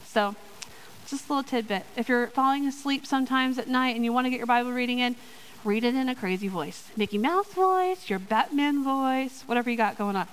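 A woman giving a sermon and reading a Bible story aloud, lively and playful with joking asides. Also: on the high side, fast talker, a little hiss or hum, low-quality recording. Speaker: church speaker in children's ministry.

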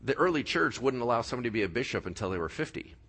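Man over forty, pastor preaching, bright voice, lively pitch. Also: racing, husky. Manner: lively preaching, swings from low and quiet to loud and high. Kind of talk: sermon.

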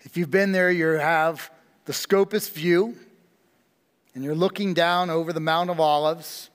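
A man preaching a sermon as pastor, slow and emphatic with dramatic pauses, in a church sanctuary. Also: on the high side, steady tone, big-room sound.

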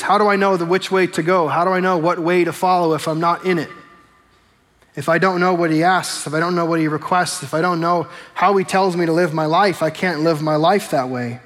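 A man preaching to his congregation in a casual, conversational way, leaning on the scripture lines and drawing them out slowly. His voice sits a little high for a man. A long reverb from the church sanctuary trails after every phrase. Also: steady tone, a bit bright. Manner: conversational preaching, slows and stresses scripture quotes. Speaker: pastor. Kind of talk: sermon.

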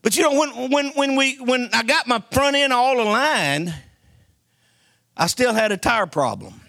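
A man's voice: extremely high pitch, expressive, a little slow, vocal fry, bright, forceful tone, no echo, clean studio sound. A man preaching a sermon, telling folksy stories and calling for amens from the congregation. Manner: call-and-response preaching, folksy storytelling.

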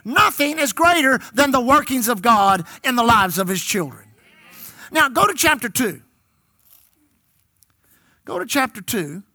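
A man's voice: extremely high pitch, very animated, unhurried, pauses often, sharp tone, no echo. A man in his fifties, a pastor preaching an emphatic sermon who repeats his key lines and calls out to the congregation.

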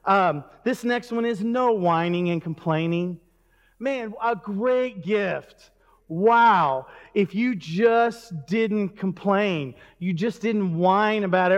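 High-voiced pastor in a reverberant hall. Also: male voice, takes it slowly, dull audio. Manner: conversational, self-interrupting, chuckling asides. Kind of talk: sermon. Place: church sanctuary. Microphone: handheld or stage mic. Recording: long reverb of a church hall.

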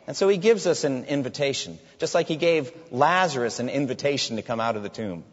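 A man preaching a sermon, his voice rising and falling with lively intonation as he reads scripture with emphasis and asks questions. The sound is dull and lo-fi. A long reverb trails each phrase, as in a large hall. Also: medium pitch, brisk.

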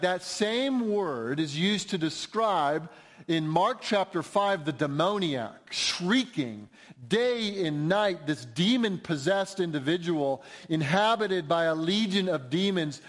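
A man preaching an expository sermon, emphatic and building intensity at key points. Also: a little high. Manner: emphatic, rising to near-shouts when quoting cries. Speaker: pastor.

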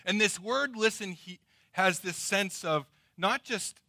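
A middle-aged male pastor preaching with a bright, forceful edge and a slightly high voice. He swings from loud emphasis to hushed, drawn-out words. The sound is dry and close. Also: dry recording. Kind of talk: sermon.

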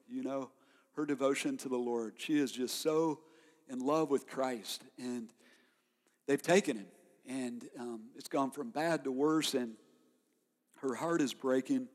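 A man preaching a sermon as pastor, emphatic, swinging from loud declarations to quiet reflection and asking his listeners questions. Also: on the high side, a little slow, pauses often. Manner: asks the listeners rhetorical questions. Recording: long reverb of a large hall.

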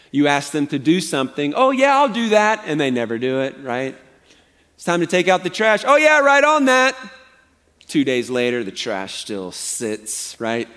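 A man preaching a sermon as pastor, conversational and animated, often asking his congregation "right?". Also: medium pitch. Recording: long hall reverb.

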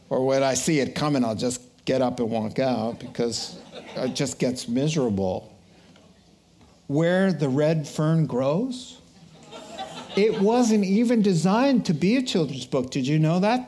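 Middle-aged male preacher, slow deliberate pace, lively anecdotal sermon style. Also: on the high side, a little hiss or hum. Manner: animated storytelling with laughter, slow deliberate delivery. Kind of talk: sermon with personal stories.

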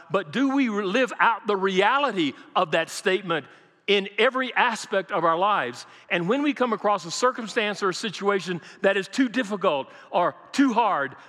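A man's voice: high voice, pushed and bright, big-room sound. An older man preaching a sermon as pastor, asking the congregation questions and repeating key lines. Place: church sanctuary.

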